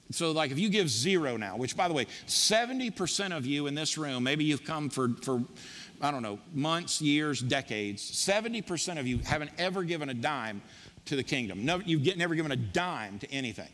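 A man's voice: on the high side, animated, a little fast, fairly bright tone, in a large hall, slight background noise. A man preaching to his congregation in an emphatic, punchy style, with lots of repetition. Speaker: pastor. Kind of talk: sermon. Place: church sanctuary.

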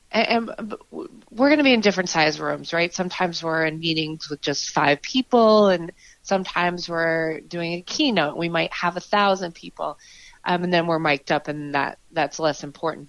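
A woman's voice: on the low side, no echo, rough recording. A woman improv performer as a podcast guest, talking in an earnest, reflective way with frequent fillers and restarts. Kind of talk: conversational interview.

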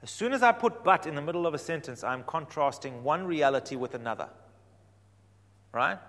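A man preaching a sermon, animated, swinging from quiet explanation to loud emphatic points. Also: on the high side, fairly quick. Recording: reverberant hall.

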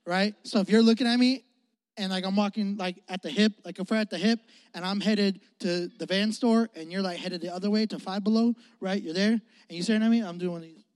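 High-voiced, animated young preacher. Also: male voice, a little fast, dry recording, clean studio sound. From Chicago area, United States. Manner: animated, joking, talks to the audience. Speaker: youth preacher. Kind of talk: storytelling sermon.

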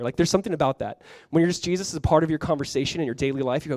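A young male pastor preaching a sermon in a lively, conversational way, often dropping in "like" as he talks. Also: a little high, very fast, few pauses, dry recording. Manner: animated, conversational preaching with frequent "like".

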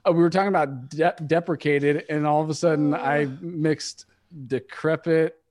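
A man's voice: fairly high pitch, fairly even intonation, normal speed, darkish tone. A man with a Californian accent in a casual chat, jokey, ending nearly every sentence with "dude.". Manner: says dude constantly, jokey.

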